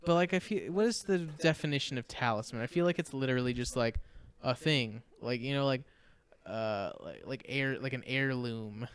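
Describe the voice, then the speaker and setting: Young guy rambling thru a movie recap, swears a lot, tosses in silly voices, regular-pitched. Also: clean tone. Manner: rambling, swears, quick mock character voices. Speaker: podcast co-host. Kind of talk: casual movie recap chat.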